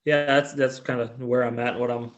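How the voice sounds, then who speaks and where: A mid-pitched man from Indiana, a coach calling in to a podcast. He talks in a hesitant, searching way, restarting his sentences as he goes. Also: steady tone, normal speed, muffled recording. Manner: hesitant, full of restarts and hedges. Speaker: caller, basketball coach. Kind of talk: casual conversation.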